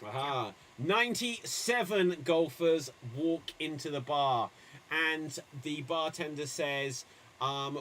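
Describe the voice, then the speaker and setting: A man hosting an improv comedy show, calling on players and delivering pun jokes with a dry pause. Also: on the high side, fairly bright tone, a little hiss or hum. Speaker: improv game host.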